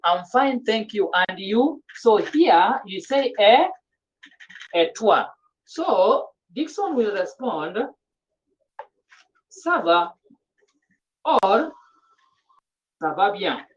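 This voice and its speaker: A woman's voice: medium pitch, sing-song. A woman teaching a class, repeating herself and checking often that students follow. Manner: slow, repetitive, checks understanding often. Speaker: French teacher. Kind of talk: classroom language lesson. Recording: dull lo-fi recording.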